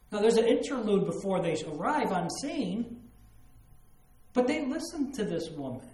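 A man's voice: high-pitched, a little mellow, reverberant. A man preaching a sermon, explaining scripture with emphatic asides and acted-out quotes. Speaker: pastor.

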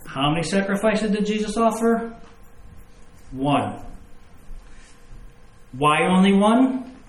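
A man's voice: high voice, lively intonation, slow. Emphatic man preaching in an echoey room. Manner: emphatic, repeats key words, stresses points with questions. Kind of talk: sermon.

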